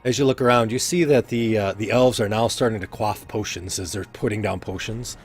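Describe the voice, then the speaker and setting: A man's voice: lowish voice, steady tone, a little fast, husky, soft background music. A man narrating as game master in a loose, rambling way with many fillers. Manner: loose, full of fillers and hedging "kinda".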